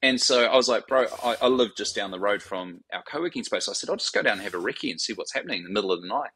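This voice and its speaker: A man's voice: fairly low pitch, lively intonation, quick pace, a bit bright, slightly rough, poor audio. A man, telling stories as a guest in a casual interview, swearing freely and acting out the voices of the people he quotes. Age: 40s. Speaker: guest, startup founder.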